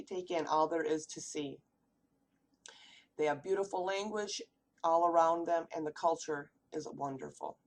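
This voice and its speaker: A woman from the United States giving a read-aloud class presentation, asking rhetorical questions as she goes. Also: low voice. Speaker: student presenter.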